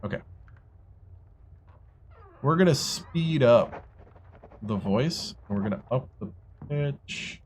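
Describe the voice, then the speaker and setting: A man's voice: medium pitch, expressive, slow pace, long pauses, slight background noise. A man streaming a strategy game at his computer, chatting casually and muttering to himself as he tries out voices. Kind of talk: casual gameplay livestream chat.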